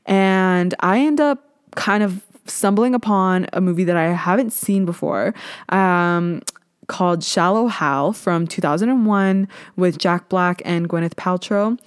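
A woman's voice: fairly low pitch, normal speed, clean tone, no echo, clean studio sound. A young woman from Ontario hosting her own podcast, chatting candidly and mocking herself, with the odd swear word. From Ontario, Canada. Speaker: podcast host. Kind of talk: casual solo podcast chat.

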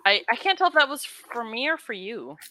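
An excitable woman with a bright, forceful voice chats casually through a horror game, swearing freely. She talks like a podcast co-host reacting to every scare. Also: fairly high pitch, a little fast, slight background noise. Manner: excitable, swears freely, yells when chased. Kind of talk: casual gameplay chat.

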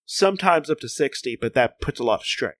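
A man's voice: medium pitch, animated, a little fast, fairly bright tone, no echo. A man co-hosting a casual comics podcast. He reads passages aloud, laughs a lot and often restarts his sentences. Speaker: podcast co-host.

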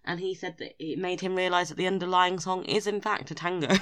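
A woman co-hosting a casual podcast chat, animated and quick to laugh, often trailing off mid-sentence. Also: on the low side, no room sound. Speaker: podcast co-host.

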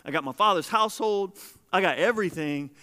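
A man preaching a sermon as pastor, shifting between hushed lines and loud, emphatic ones. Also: sits high, a little fast, big-room sound. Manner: animated preaching, swings between soft and loud.

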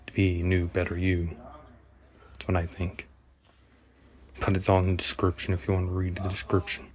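Low, flat-voiced man rambling through a solo podcast, halting, slipping into whispers, faint hiss behind. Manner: halting, self-correcting, drifts into whispers. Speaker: podcast host.

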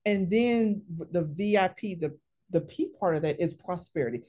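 A woman career coach talking in an interview, telling stories in a lively, emphatic way and often adding tag questions. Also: on the low side, normal speed. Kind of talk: conversational interview, storytelling.

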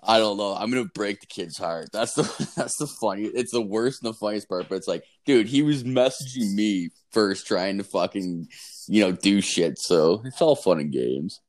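Young man, low voice, rambling storytelling, swears a lot, lots of fillers. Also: moderate pace, a little mellow. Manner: rambling, profane, laughing, heavy filler "like". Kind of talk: casual storytelling.

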